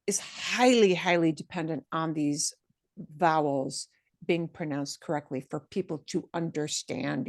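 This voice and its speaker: A woman's voice: fairly low pitch, gravelly, dry recording, studio quality. Playful woman teaching a Spanish class. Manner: slow, drawn-out modeling of Spanish words, playful asides. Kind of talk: online language class.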